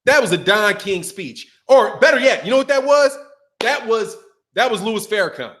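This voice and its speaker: A man with a high voice rants through boxing commentary in a loose, casual way. He talks animatedly and swears freely, slipping into mocking impressions of the people he criticizes. His tone stays heated and incredulous. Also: lively intonation, normal speed, fairly bright tone, slight background noise. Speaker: boxing channel host.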